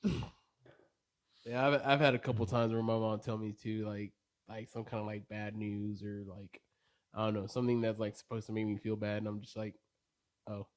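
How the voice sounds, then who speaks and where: A young man co-hosting a casual podcast, laid-back, swearing casually and trailing off quietly mid-sentence. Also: fairly low pitch, flat delivery, brisk. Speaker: podcast co-host. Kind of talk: casual chat.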